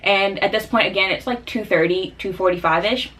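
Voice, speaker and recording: A woman's voice: medium pitch, brisk. Chatty young woman telling her story. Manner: chatty, filler-heavy, animated when quoting. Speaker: vlogger. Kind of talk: casual storytelling vlog. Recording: voice a bit distant from the mic.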